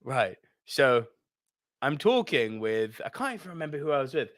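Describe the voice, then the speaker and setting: A man's voice: mid-range voice, big pitch swings, normal speed, fairly bright tone, no room sound, clean studio sound. A man with a posh English accent, co-hosting a podcast and telling a swearing, laughing anecdote. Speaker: podcast co-host. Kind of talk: casual chat, storytelling.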